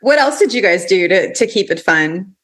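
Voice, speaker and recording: A woman hosting a podcast interview, enthusiastic and quick to laugh. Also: medium pitch, expressive. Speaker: podcast host. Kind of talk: casual interview.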